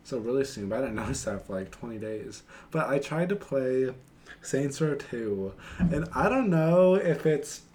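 A man's voice: medium pitch, expressive, normal speed, darkish tone. Rambling, laughing young man. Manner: rambling, hesitant, laughs often. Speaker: podcast co-host. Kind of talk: casual chat.

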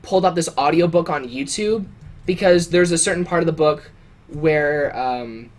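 A young man co-hosting a podcast tells a story in casual chat, his voice a little high and at normal speed. He rambles loosely, with lots of fillers and restarts.

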